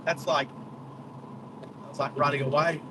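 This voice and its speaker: A high-voiced Australian man chats casually to his live audience while driving, calling out animals along the road. He sits back from the car mic, and steady road and engine noise runs under everything he says. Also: a little slow, recorded from a distance. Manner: chatty, exclaims at wildlife, talks to live chat. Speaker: driving livestream host. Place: inside a moving car on a country road.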